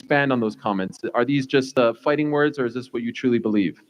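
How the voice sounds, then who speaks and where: A man's voice: mid-range voice, rough recording. A man moderating a fight press conference, asking questions with lots of fillers. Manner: fast, filler-heavy questioning.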